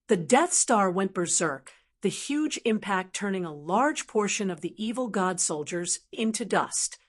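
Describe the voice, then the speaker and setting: Woman narrator for a fantasy audiobook, mid-pitched and steady, unhurried read. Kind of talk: scripted web-novel narration.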